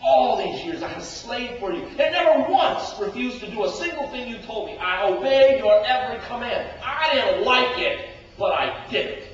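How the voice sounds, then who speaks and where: A man's voice: high-pitched, moderate pace, few pauses, pitched above the performer's own voice, lightly acted. A man playing a furious, bitter older brother. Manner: shouting grievances, sarcastic and indignant. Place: church sanctuary. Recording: echoey church hall from far off, dull lo-fi.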